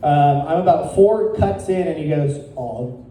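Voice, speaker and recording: A male stand-up comedian doing a crude deadpan set, chuckling at his own jokes. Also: fairly high pitch, moderate pace, slight background noise. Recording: echoey room, picked up from a distance.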